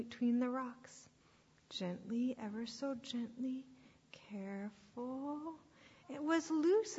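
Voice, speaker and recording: A woman reading a story aloud to children at church, expressive and sometimes dropping to a hushed whisper. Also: on the high side, husky. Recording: echoey hall, dull lo-fi sound.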